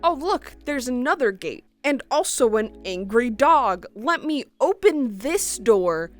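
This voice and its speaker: A woman voicing a careless male delivery driver in a mocking, drawn-out way while telling a story. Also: a little high, very animated, faint music behind.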